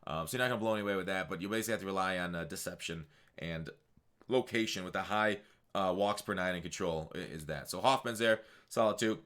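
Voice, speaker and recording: A man's voice: deep voice, quick pace, a bit bright, clean tone. A man hosting a gaming channel, talking casually through his picks with lots of fillers and restarts. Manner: rambling, many fillers and self-corrections. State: hiccuping. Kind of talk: casual video game commentary.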